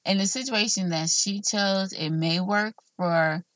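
A woman's voice: medium pitch, measured pace, fairly bright tone, no echo. A woman hosting a solo talk, giving relationship advice in an earnest, encouraging, conversational way.

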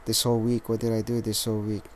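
A lethargic man talks through his solo podcast in a slightly low voice, tripping over his words and restarting often. He swears casually as he goes. A faint noise sits under the recording. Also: completely flat delivery. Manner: rambling, halting, with frequent restarts and swearing. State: tired and lethargic. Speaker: podcast host.

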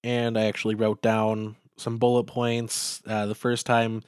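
Brief: young male podcast co-host, smooth clear voice, dry close sound, deadpan matter-of-fact delivery. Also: fairly low pitch, a little slow, no room sound. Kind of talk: casual chat.

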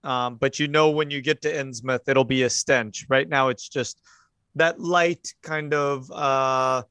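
A man running a tabletop horror game as game master, in relaxed, halting narration with many fillers. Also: medium pitch, smooth, no room sound.

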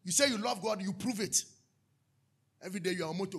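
Gravelly high-pitched preacher. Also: male voice, quick pace. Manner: preaching with sudden shouts and hushed asides. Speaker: pastor. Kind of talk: sermon.

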